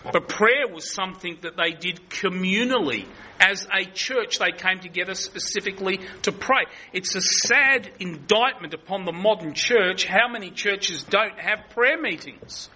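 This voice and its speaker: Male preacher, high and bright, earnest teaching sermon, faint hiss behind. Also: poor audio. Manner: earnest expository preaching with frequent restarts.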